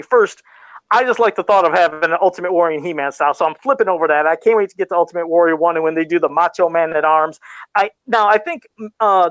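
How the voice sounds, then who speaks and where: Excitable man co-host, high voice, rambling podcast chat. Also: dry recording. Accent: says he has an accent. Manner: excitable, laughs often, rambling restarts.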